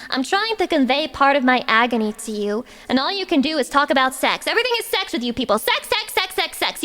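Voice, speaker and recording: A woman with a high voice streams from what sounds like a large hall, mixing chat banter with karaoke. She rants to viewers in a sarcastic, profane show of mock mourning and sings along loudly to the backing tracks.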